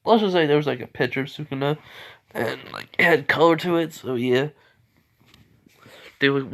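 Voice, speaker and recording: A man's voice: moderate pace, pauses often, fairly bright tone. Rambling man narrating a fan story. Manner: rambling, many fillers, jumps in pitch.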